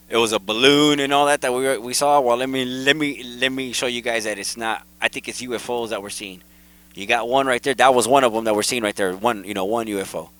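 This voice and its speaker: A man hosting his own video, casually and excitedly talking viewers through photos and repeating himself as he points things out. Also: medium pitch, smooth, no room sound, poor audio. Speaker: video host. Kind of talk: casual commentary over photos.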